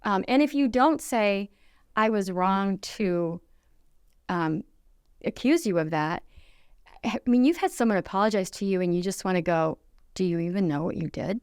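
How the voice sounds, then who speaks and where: A woman's voice: mid-range voice, normal speed, pauses often, clear, resonant tone, dry recording, studio quality. A middle-aged woman giving relationship advice in a casual conversation, earnest and instructive, often acting out quoted apologies. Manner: acts out quoted apologies in lively voices.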